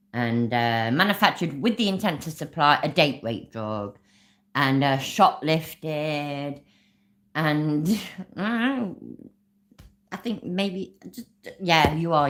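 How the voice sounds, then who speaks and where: A woman hosting a reaction commentary, mocking and sarcastic, swearing freely. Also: deep voice. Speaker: channel host.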